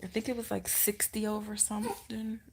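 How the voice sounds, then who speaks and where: In her thirties, a woman chats through a personal story on her vlog, using lots of "like" and acting out what the nurse and others said. Her delivery is flat at normal speed, with vocal fry and a slightly mellow tone; she keeps her voice down since a baby is sleeping nearby, and there's slight background noise.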